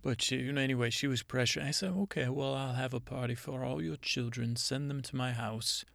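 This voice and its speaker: In an improvised comedy monologue, a man plays a rambling, self-important female Mother Nature spirit, telling stories in a halting, deadpan way. His voice is medium-pitched and gravelly, with no echo.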